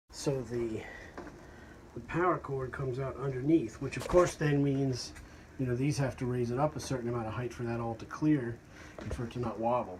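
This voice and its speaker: A man's voice: medium pitch, darkish tone, a little hiss or hum, poor audio. A man casually describing a vintage fan he collected, talking in a rambling, hesitant way with frequent fillers. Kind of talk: casual show-and-tell narration. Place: porch at home.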